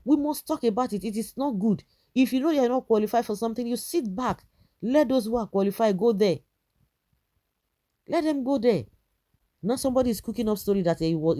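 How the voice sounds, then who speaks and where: Nigerian woman, indignant commentator, mellow voice, rhetorical and repetitive. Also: mid-range voice. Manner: indignant, rhetorical questions, frequent restarts. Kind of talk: opinionated political commentary.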